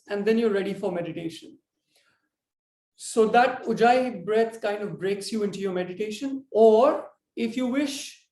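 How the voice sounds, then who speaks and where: Tired yoga teacher man, higher voice, loose rambling explanations, echoey room. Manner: relaxed, rambling explanation with fillers. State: yawning, tired. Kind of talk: spoken yoga breathing lesson.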